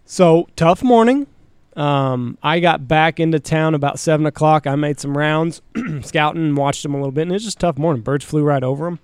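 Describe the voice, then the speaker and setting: A man's voice: a little high, normal speed, darkish tone, smooth, dry recording. A man co-hosting a podcast, rambling through a casual, profane story with plenty of fillers. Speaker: co-host.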